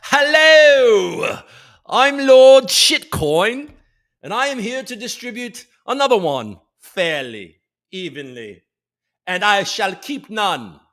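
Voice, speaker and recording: A man's voice: sits high, sing-song, slow, a bit bright, voice pushed up, exaggerated voice. Man putting on a pompous fake-British crypto lord. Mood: grandiose. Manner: clumsy put-on British accent; grandiose, theatrical. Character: pompous mock-aristocratic male crypto lord.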